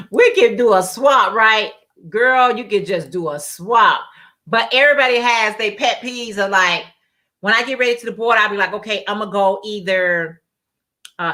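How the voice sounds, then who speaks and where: A woman's voice: medium pitch, pushed and bright. A woman hosting a casual craft livestream, chatting and reading out viewer comments with frequent laughs and repeated phrases. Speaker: livestream host.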